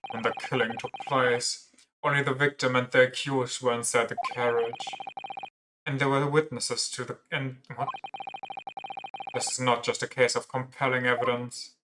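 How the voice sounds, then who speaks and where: A man voicing a cold, composed male prosecutor in a video game, formal and measured. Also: mid-range voice, flat delivery, background noise, natural voice.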